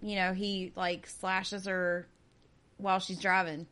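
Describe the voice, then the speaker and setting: A woman's voice: mid-range voice, level tone, slow, a bit bright. A woman co-hosting a casual podcast, reacting to stories with swearing and giggles. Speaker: podcast co-host. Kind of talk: casual chat.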